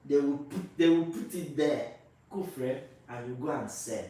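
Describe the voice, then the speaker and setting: A man's voice: mid-range voice, unhurried, mellow. A Nigerian man vlogging his opinions to camera, emphatic and repetitive, firing rhetorical questions at his viewers. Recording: very echoey room, voice from a distance.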